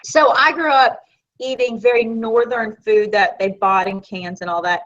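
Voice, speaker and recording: A woman from Florida with a Southern American accent, co-hosting a casual live chat and telling stories in an animated, chatty way. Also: a little high, moderate pace. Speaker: co-host of a live video chat. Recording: dull lo-fi sound.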